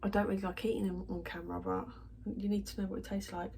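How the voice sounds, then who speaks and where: A woman's voice: medium pitch, little pitch movement, fast talker, vocal fry, a little mellow. Woman, home vlogger, casual chatty delivery, light background hiss. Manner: chatty, self-deprecating, giggly. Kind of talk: casual chat to camera.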